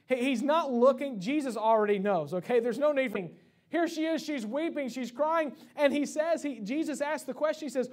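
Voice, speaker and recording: Young pastor with a high voice, passionate sermon delivery, restarts often. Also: male voice, normal speed. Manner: impassioned preaching with many restarts. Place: church sanctuary.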